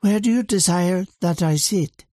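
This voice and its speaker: A man voicing a serious teenage French girl warrior who speaks formally and without warmth in a storybook reading. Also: sits high, unhurried, no room sound, studio quality. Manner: formal, clipped and unsmiling.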